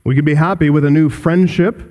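A man's voice: a little high, fairly even intonation, fairly quick, dark tone. A man preaching a sermon in earnest, building points through emphatic repetition and reading scripture aloud. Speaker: pastor.

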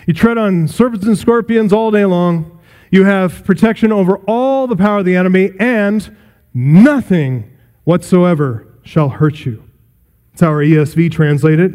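Emphatic high-voiced man preaching. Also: dark tone, long reverb tail. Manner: emphatic, slows down to stress key phrases. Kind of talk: expository sermon.

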